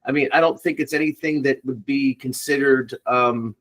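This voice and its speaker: Male recruiter guest, average pitch, rambling and hesitant. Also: fairly even intonation, normal speed, a bit bright. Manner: rambling, hesitant, full of fillers. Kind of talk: casual podcast interview.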